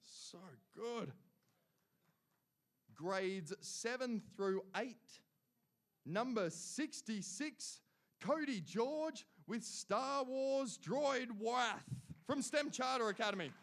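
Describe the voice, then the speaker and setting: A young adult man with an Australian accent and a high, light voice reads out award places and winners to a live crowd. He is upbeat and playful, breaking in with quick jokes between names. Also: lively intonation, fairly bright tone. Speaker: awards announcer.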